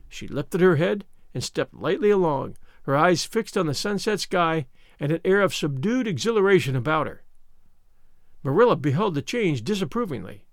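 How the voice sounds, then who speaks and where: A man reading a classic novel aloud as narrator, in an expressive storytelling manner. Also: fairly high pitch, moderate pace, no room sound, clean studio sound. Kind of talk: audiobook reading.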